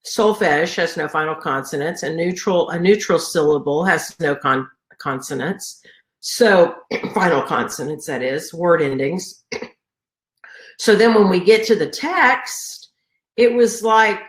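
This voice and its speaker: A woman's voice: fairly low pitch, a little slow. A middle-aged woman, congested from a sinus infection, giving an earnest conference talk on teaching choir, full of fillers and restarts. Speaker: choral music educator. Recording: echoey room recording.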